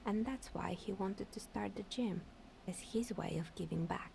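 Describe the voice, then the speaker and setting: A woman voicing a kindly older woman in a video game, speaking calmly and softly with a measured, slightly breathy delivery. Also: mid-range voice, a little hiss or hum, low-quality recording.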